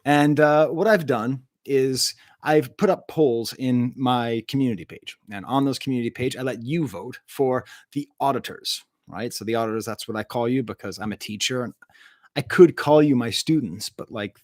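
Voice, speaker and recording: A man's voice: mid-range voice, moderate pace, dry recording. Guy rambling on a home livestream, lots of uhs, pokes fun at himself, mid voice, dead dry mic. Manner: rambling, self-deprecating, many filler uhs. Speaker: music reviewer and French teacher. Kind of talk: casual livestream chat. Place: home room.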